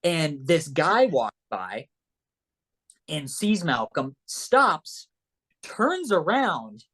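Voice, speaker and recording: A man's voice: a little high, very animated, very slow, a bit bright, slightly rough. A man from Ohio, a podcast guest in casual chat, telling stories animatedly and acting out the voices of the people he quotes.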